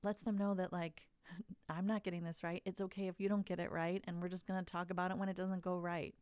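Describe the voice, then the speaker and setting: A woman hosting a podcast, talking in a warm, expressive way with emotional emphasis. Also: fairly low pitch, brisk, clean tone, no echo. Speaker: podcast host. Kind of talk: casual conversation.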